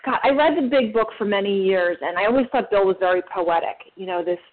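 Woman, recovery meeting share, storytelling, mid-pitched, phone-line audio. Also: brisk. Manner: storytelling, acts out voices in a parable. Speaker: meeting member sharing.

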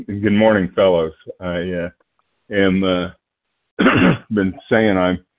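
Guest-speaking at a phone-line recovery meeting, this Oklahoma man has a low pitch and fairly even intonation. Nerves show in his halting delivery, with frequent fillers, restarts, and throat-clearing.

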